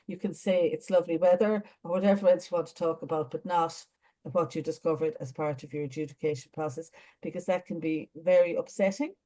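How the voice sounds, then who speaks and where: An Irish woman talking through a video call, briefing trainees in a chatty, rambling way full of little ums. Her voice sits fairly low and sounds soft and mellow rather than bright. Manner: chatty, warm advice with many fillers. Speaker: adjudicator training lead. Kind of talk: online meeting briefing.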